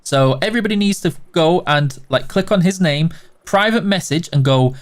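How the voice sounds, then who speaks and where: A man's voice: medium pitch, normal speed, clean tone. A man hosting a casual livestream, reading out viewers' names one after another and answering their questions in a friendly, teasing way. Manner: reads chat names aloud and answers questions. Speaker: livestream host.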